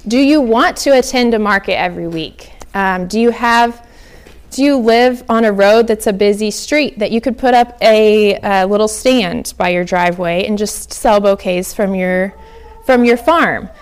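A woman's voice: mid-range voice, a little slow, clean tone. A young woman from Oklahoma giving a casual workshop talk on flower farming, chatty with many ums and likes.

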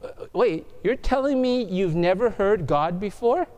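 A male pastor with a high voice preaches a little slowly, animatedly telling stories and putting questions to his congregation.

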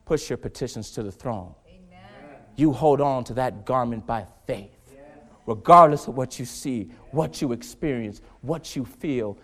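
A man preaching a sermon, swinging from hushed, low lines to loud, fervent exhortation. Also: animated, measured pace.

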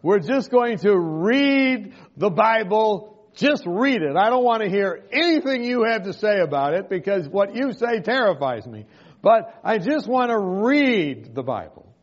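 A man's voice: sits high, big pitch swings, measured pace, dull audio, pitched above the performer's own voice, full character voice. A man voicing a fearful, stubborn man who insists on plain Bible reading, with a firm, insistent way of talking.

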